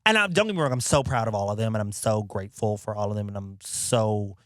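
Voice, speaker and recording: Expressive laughing male podcast host. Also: fairly low pitch, fast talker, no echo, clean studio sound. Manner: expressive, laughing, acts out quotes. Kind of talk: casual chat.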